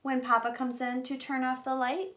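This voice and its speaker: A woman hosting a children's storytime, reading a picture book aloud and talking directly to young kids in an animated, expressive way. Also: sits high, normal speed.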